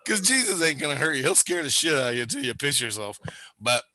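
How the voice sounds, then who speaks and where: Man, casual storytelling, animated, swears a lot, bright tone, fairly high voice. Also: fast. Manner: animated, profane, acts out quotes. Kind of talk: casual chat.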